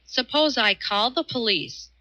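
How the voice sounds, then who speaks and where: Audiobook role: woman playing a dithering male philosopher, airy and sing-song, raised pitch. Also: animated, moderate pace, bright, forceful tone. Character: airy, wishy-washy man, a philosopher.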